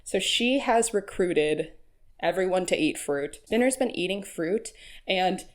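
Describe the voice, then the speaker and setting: A woman's voice: fairly low pitch, lively intonation, measured pace. A woman hosting a casual recap voice-over, chatty and frank, laughing often and using lots of fillers. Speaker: YouTube recap host.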